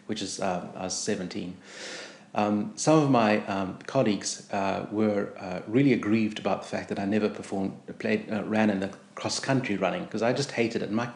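A man's voice: lowish voice, vocal fry, a little mellow. A middle-aged man from Rhodesia telling stories of his youth, hesitant with many ums, wry and self-deprecating. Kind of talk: reflective personal storytelling. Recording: echoey room with faint music.

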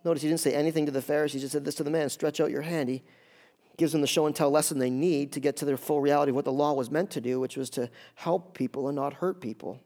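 High-voiced male pastor preaching. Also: fast talker. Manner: conversational and animated, asks the congregation questions. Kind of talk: sermon. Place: church.

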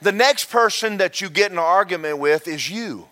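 A man preaching a sermon, folksy and animated, repeating himself and breaking into shouted asides. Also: sits high, moderate pace. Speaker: pastor.

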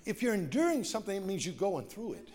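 A man pastor preaching a sermon with call-and-response, dropping soft then rising to shouts. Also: sits high, sing-song, fast. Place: church sanctuary.

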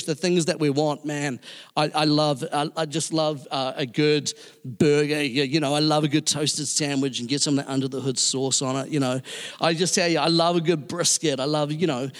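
A man preaching a sermon in a conversational way, with fillers and restarts. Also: on the high side. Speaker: pastor. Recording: long hall reverb.

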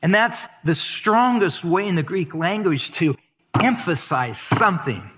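A man preaching in a church, his slightly high, bright voice ringing through a long hall reverb. He speaks slowly and emphatically, drawing out the words he wants the congregation to hold onto. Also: expressive, husky. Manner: emphatic, draws out key words, reads scripture aloud. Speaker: pastor. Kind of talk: sermon.

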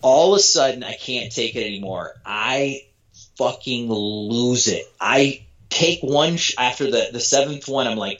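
A man casually telling a story from his running career, animated and profane, acting out what people said. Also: medium pitch, measured pace, highs cut off. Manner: animated, profane, acts out quotes. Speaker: former elite runner, guest.

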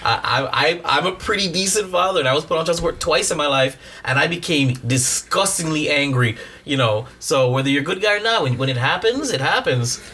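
A man co-hosting a casual podcast who chimes in with emphatic agreement. His voice is bright and tense, and his pitch swings widely. A faint hiss sits under the recording. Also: expressive, fairly quick, hardly any pauses. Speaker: podcast co-host. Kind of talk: casual chat.

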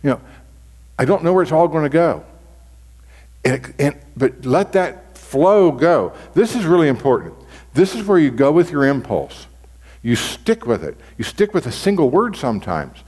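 Animated man preaching in a reverberant hall. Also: fairly high pitch, normal speed, breathy edge. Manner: animated, restarts and repeats phrases. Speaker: pastor teaching on devotional reading. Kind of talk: conversational sermon. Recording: long reverb of a large hall.

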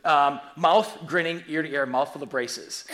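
A man in his forties preaching a sermon, telling stories in an animated, humorous way. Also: on the high side, unhurried. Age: 40s. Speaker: pastor.

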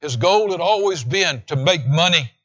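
Male preacher, higher-pitched voice, emphatic sermon delivery, dull lo-fi recording. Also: expressive, fairly bright tone. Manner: emphatic preaching, slows down to read scripture. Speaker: pastor.

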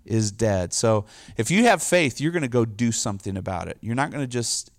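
A man's voice: mid-range voice, lively intonation, a little fast, no echo, studio quality. A middle-aged man preaching a casual, conversational sermon, loose and informal with lots of "like" and "you know". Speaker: pastor.

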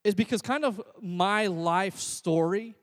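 A man's voice: high voice, slow, fairly bright tone, long reverb tail. A man preaching a sermon in an earnest, conversational, self-deprecating way. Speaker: pastor.

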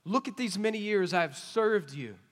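A man voicing a resentful older son who loudly lists his grievances, heard in a reverberant hall. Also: medium pitch, normal speed, natural voice. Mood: indignant. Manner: loud, indignant, listing grievances. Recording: long reverb of a large hall.

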